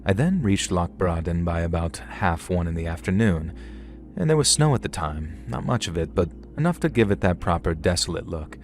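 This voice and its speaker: A man's voice: deep voice, expressive, normal speed, soft background music. A man narrating a first-person horror story in a conversational tone with dry humour.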